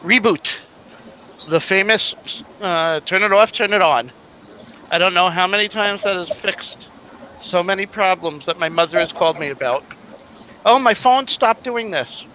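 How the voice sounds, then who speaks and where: A man's voice: high voice, normal speed, pushed and bright, a little hiss or hum, poor audio. A man hosting a casual livestream panel, telling easygoing, joking stories. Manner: chatty storyteller, easygoing and joking. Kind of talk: casual chat.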